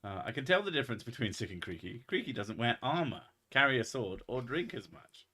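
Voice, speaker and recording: A man's voice: medium pitch, big pitch swings, fairly quick, sharp tone. A man with an English accent, a mix of posh and Essex, joking and swearing in casual stream chat. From England.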